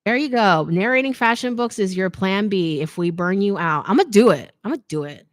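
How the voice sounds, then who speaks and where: A woman's voice: medium pitch, normal speed, dry recording, studio quality. Chatty woman hosting a live Q&A. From United States. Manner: chatty, animated storyteller who often adds "okay?". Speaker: host of a fashion design channel. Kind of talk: live Q&A stream, casual chat.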